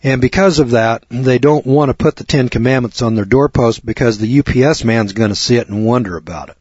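Blunt folksy preacher man, husky voice. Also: mid-range voice, brisk, darkish tone, no room sound, lo-fi sound. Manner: blunt, folksy, crude, punchy. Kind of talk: sermon.

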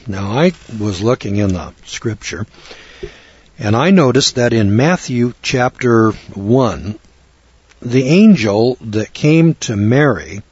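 A man's voice: medium pitch, darkish tone, husky, no echo, highs cut off. Folksy older American man teaching scripture. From United States. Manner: folksy, rambling, frequent restarts. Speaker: Bible teacher. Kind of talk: informal Bible teaching.

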